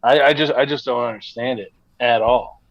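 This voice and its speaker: A man's voice: medium pitch, steady tone, moderate pace, no room sound, highs cut off. A man co-hosting a podcast, reacting in short, stammering replies during casual chat. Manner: brief reactions, stammering restarts. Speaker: podcast co-host.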